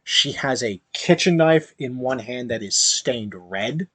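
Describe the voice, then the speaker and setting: Slow-talking man narrating as game master. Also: medium pitch, animated, a bit bright, husky, no echo. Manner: slow, halting narration with fillers.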